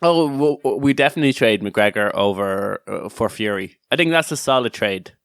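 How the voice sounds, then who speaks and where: Irish man, podcast co-host, smooth resonant voice, dry close sound, laughing and rambling. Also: fairly low pitch, animated, moderate pace, a bit bright, no echo. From Ireland. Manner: rambling, swearing, laughing storyteller. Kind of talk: casual chat.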